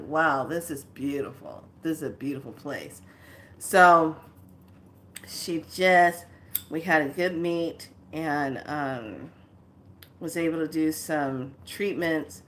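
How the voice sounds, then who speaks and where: A woman hosting her own spiritual channel, telling a story casually and acting out both sides of the conversation. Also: fairly low pitch. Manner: animated, acts out both sides of a conversation with laughs. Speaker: spiritual teacher and channel host.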